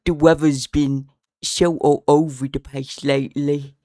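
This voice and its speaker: A Canadian streamer putting on a deliberately silly mock British accent, voicing a chatty commuter. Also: medium pitch, level tone, mellow, dry recording, studio quality, natural voice. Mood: mock-cheerful. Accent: mock British, overdone. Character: exaggerated fake-British commuter.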